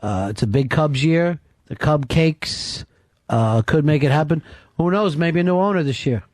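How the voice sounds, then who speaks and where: A man's voice: a little high, normal speed, a little mellow, dry recording. A man hosting a talk radio show, brash, sarcastic and profane in casual banter. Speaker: radio host. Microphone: studio microphone.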